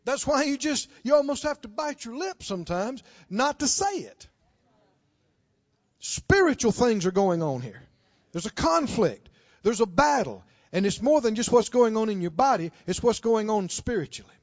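A man preaching a sermon, telling a story and driving his points home with drawn-out, impassioned emphasis. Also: very high voice, sing-song. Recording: dull, dry lo-fi recording.

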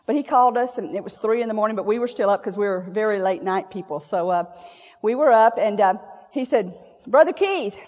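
A woman's voice: medium pitch, a little fast, darkish tone. Lady preaching, chatty and folksy, laughs a lot, muffled lo-fi sound, big echoey church. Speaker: church speaker. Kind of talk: sermon. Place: church sanctuary.

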